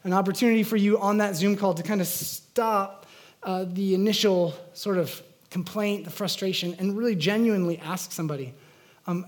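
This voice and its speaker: A man's voice: high voice, fairly even intonation, normal speed. Earnest conversational male pastor. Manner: conversational, earnest, with frequent fillers and restarts. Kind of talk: sermon.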